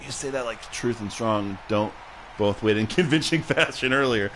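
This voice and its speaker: A man's voice: mid-range voice, normal speed, fairly bright tone, a little hiss or hum. A man hosting a livestream, casually commentating a video game match, rambling and joking, laughing often and swearing, a little tipsy and punchy.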